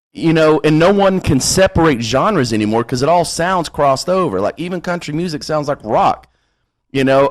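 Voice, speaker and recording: A man hosting a podcast in casual chat, blunt and profane, ranting with laughs. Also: on the high side. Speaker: podcast host.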